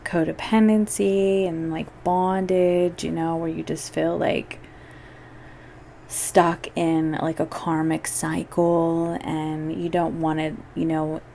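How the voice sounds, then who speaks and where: A woman's voice: low voice, level tone, slow pace, vocal fry, dark tone, a little hiss or hum. A woman giving a casual monthly tarot reading. She talks to the listener directly and fills her speech with "like" and "you know". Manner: chatty, filler-heavy, addresses the listener directly. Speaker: tarot reader.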